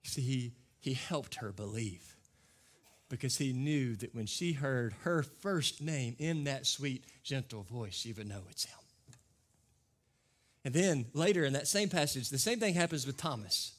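A man's voice: medium pitch, expressive, measured pace. A man pastor preaching a conversational sermon to his congregation. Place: church service with a congregation.

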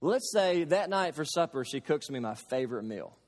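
A pastor from Kentucky preaching a sermon, emphatic, with slow stressed phrases and homely everyday examples. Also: male voice, a little high, expressive, big-room sound.

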